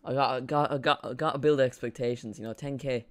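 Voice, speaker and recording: A young Irish man chatting and rambling excitably through a live football watch-along stream. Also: mid-range voice, fast.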